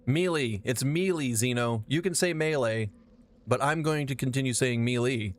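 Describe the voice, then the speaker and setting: A man live-streams a game, chatting casually with his viewers while rambling and swearing in an animated way as he plays. His voice is mid-range and his speed normal.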